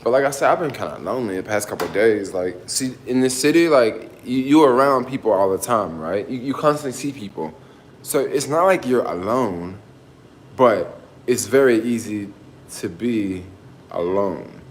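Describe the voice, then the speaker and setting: A man with a softened Black Southern American accent chats to his viewers in a casual livestream from home. He rambles in relaxed slang, circles back on his thoughts and keeps closing his lines with "yo.". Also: fairly low pitch, moderate pace, roomy sound, slight background noise. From American South, family in Tennessee. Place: home in San Francisco.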